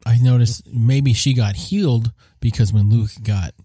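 A man chatting casually about a film, getting excited and jumping up in pitch when he quotes his own reactions. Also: unhurried, breathy edge, no echo, studio quality. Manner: excitable, swings up when quoting himself. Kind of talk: casual chat.

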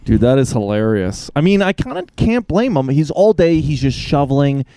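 A man's voice: a little high, sing-song, normal speed, warm tone, clear, resonant tone, no echo. A man co-hosting a podcast, throwing in dry, sarcastic quips in casual chat. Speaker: podcast co-host.

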